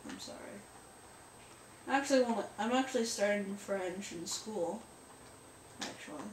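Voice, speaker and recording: Medium in pitch and moderate in pace, this woman's voice carries her let's play commentary, which is rambling, jokey and self-mocking. The audio sounds roomy and echoey, with a distant mic and faint noise.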